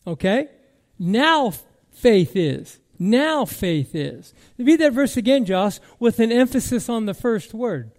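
A male pastor preaching with a notably high voice. He speaks slowly and emphatically, repeating key words and shifting between loud declarations and hushed reflection. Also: expressive. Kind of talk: sermon.

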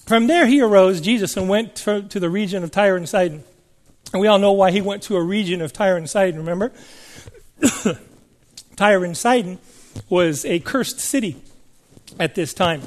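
A man's voice: high voice, a little slow, pauses often. A man preaching a sermon to a congregation in a conversational way, often asking the room questions. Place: church service before a congregation.

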